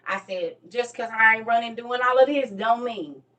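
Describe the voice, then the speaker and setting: A woman in her thirties telling a personal story with rising passion, sometimes near shouting, in casual dialect speech. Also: fairly high pitch, moderate pace. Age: 30s. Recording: voice distant from the mic.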